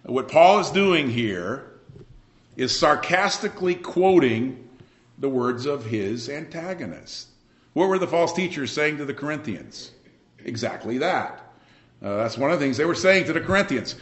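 A man preaching a sermon, emphatic and lively, swinging between loud bursts and quiet asides. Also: fairly high pitch, measured pace, reverberant. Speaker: pastor.

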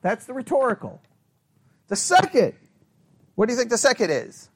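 A man teaching a Bible study class in an animated, conversational way, asking the class questions and correcting himself as he goes. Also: very high-pitched, moderate pace, slightly rough.

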